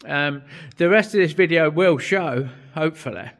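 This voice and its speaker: A man's voice: on the high side, normal speed, vocal fry. A man, chatting bluntly and swearing a lot as he explains his metalwork in a vlog. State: out of breath at times. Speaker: vlogger and metal fabricator. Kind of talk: casual workshop vlog narration.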